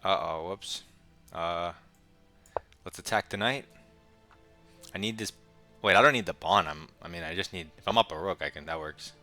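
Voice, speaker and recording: Brief: young man, very low bright voice, casual muttered game commentary, light music behind. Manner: quick, muttering play-by-play with wry asides. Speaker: chess streamer.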